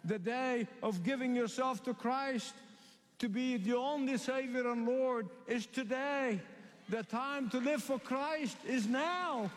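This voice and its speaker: A man from the Middle East preaching a sermon, emphatic and repetitive, stretching key phrases slowly. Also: extremely high pitch, in a large hall, a little hiss or hum.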